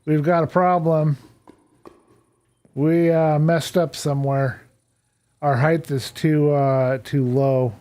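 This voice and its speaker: A man with a slightly higher voice chats through a live game stream. He thinks aloud, stumbles over plans and laughs at his own mistakes in an easy, casual way. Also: steady tone, takes it slowly, pauses often, mellow. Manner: chatty, thinks aloud, self-deprecating.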